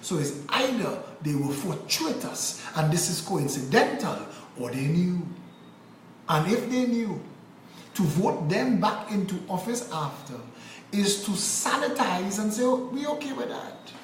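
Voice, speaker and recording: A man's voice: sits high, lively intonation, measured pace, roomy sound, a little hiss or hum, rough recording. A man from Trinidad and Tobago with a Trinidadian accent, giving an angry, impassioned political monologue to camera in a preaching cadence. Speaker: political commentator vlogger.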